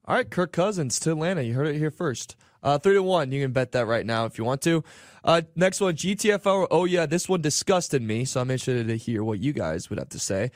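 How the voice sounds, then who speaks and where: An easygoing man of mid pitch hosts a casual sports betting chat, reading out odds and tossing to his co-hosts. His delivery has a lively pitch, and the recording is close and dry. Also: a little fast, no echo. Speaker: podcast host.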